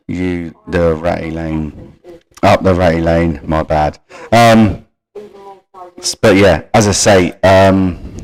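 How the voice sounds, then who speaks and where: A deep-voiced man hosts a live gaming stream. He reads league tables and player points straight off his screen and breaks off to answer his viewers in a casual, matey way. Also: rough recording. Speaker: stream host.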